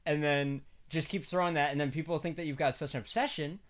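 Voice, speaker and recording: A man's voice: fairly high pitch, steady tone, fast. A man co-hosting a casual podcast, playful and often laughing as he gives mock advice. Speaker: podcast co-host. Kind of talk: casual chat.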